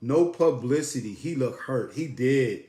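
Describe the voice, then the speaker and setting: A man's voice: mid-range voice, measured pace, warm tone, echoey room. A man from South Jersey hosting a casual livestream, greeting viewers by name in an upbeat, familiar way. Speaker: livestream host.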